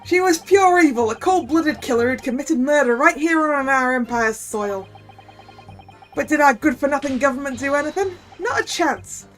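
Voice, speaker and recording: A woman's voice: high-pitched, lively intonation, normal speed, fairly bright tone, faint music behind, voice pushed up. A woman voicing a boastful male journalist with a Cockney accent, full of self-righteous swagger. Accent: Cockney, put on.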